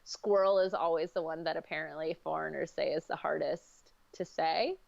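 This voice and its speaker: A woman's voice: low-pitched, fairly even intonation, normal speed, gravelly, darkish tone, no echo. A woman, a guest speaking in casual chat over a video call. She talks easily, with many fillers and frequent laughs. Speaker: comics editor, guest. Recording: dry, slightly dull sound.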